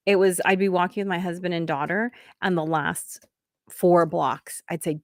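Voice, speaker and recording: A woman's voice: on the low side, fairly even intonation, moderate pace, no echo, clean studio sound. A middle-aged woman hosting a comedy show, chatting casually and upbeat with a guest and promoting the event. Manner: chatty and upbeat, with many fillers.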